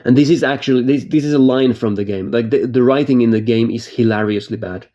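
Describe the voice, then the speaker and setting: Mellow-voiced man rambling about games. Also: medium pitch, brisk, lo-fi sound. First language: not English. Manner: rambling with frequent restarts, laughs easily. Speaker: game reviewer. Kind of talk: casual spoken game review.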